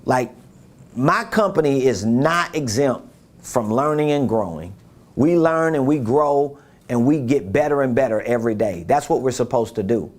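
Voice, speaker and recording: A man's voice: medium pitch, animated, normal speed. A man giving a business coaching talk, emphatic and repeating his key points, who acts out quotes in different voices.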